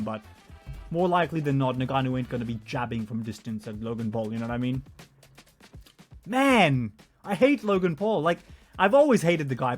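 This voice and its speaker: A young man venting in a heated, profane casual rant, his loudness swinging from mutters to shouts. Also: a little high. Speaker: vlogger.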